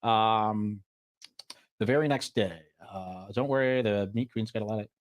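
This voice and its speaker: A man hosting a podcast, giving sarcastic, mocking commentary over clips he plays and telling animated stories. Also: on the low side, a little slow. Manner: sarcastic, mimicking, animated storytelling. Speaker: podcast host.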